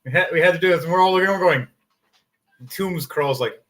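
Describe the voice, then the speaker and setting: A man narrating as game master of a tabletop game, excitable, swearing and laughing often. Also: on the high side, fairly quick, slight background noise.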